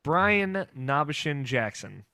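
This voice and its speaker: Young man, podcast host, casual rambling chat, bright tone, dry sound. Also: fairly high pitch, very animated, slow, no echo. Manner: laughs often, easygoing, rambling.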